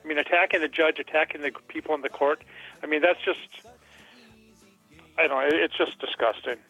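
Halting male caller on a dull phone line. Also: on the high side, fairly even intonation, faint music behind. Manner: halting, repeats words. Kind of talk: call-in comment.

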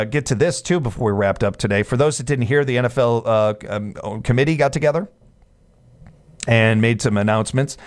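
Male sports radio host, casual and jokey, mid-range voice, stumbles and restarts often. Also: mid-range voice. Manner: chatty, jokey asides, frequent restarts.

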